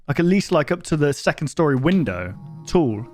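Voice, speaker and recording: A man hosting a reaction video, reading a horror story aloud in an even tone and breaking off with sudden loud exclamations. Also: fairly high pitch, moderate pace.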